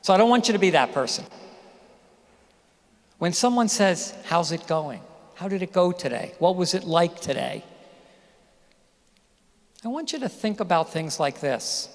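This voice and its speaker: A man's voice: high voice, very animated, a little slow, long pauses. A man giving a commencement speech, telling stories and asking the audience questions. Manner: storytelling, addresses audience directly with questions. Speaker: commencement speaker. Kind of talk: graduation speech. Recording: reverberant hall.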